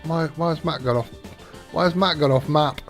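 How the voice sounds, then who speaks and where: A man's voice: fairly high pitch, a little fast, soft background music. A man casually chatting and joking while live-streaming a truck game, often muttering to himself. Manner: jokey, chuckling, muttering to himself.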